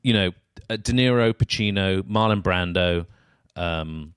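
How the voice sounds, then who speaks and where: A man hosts the conversation in a very low voice, recorded dry and close. He feels his way through his points, pausing and restarting as he goes. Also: fairly bright tone, clear, resonant tone, dry recording. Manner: thinks aloud, many fillers and restarts. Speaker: podcast host. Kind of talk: casual interview chat.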